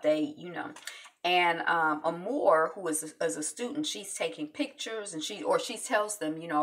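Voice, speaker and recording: A woman talks through a TV episode in a loose, chatty way, dropping ums and quick asides as she goes. Her voice sits on the lower side yet comes across bright and forceful. She is a little distant from the microphone. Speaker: TV recap vlogger. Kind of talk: casual episode recap.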